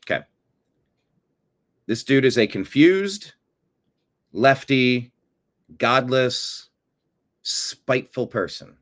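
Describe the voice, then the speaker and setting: A man hosting a profane political rant, swinging from low mutters to loud outbursts. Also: sing-song, extremely slow, pauses often. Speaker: political commentary host.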